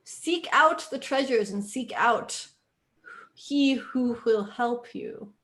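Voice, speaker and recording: A woman's voice: on the high side, fairly bright tone. A woman narrating as game master of a tabletop role-playing session. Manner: slow, voicing a fortune teller in quotes.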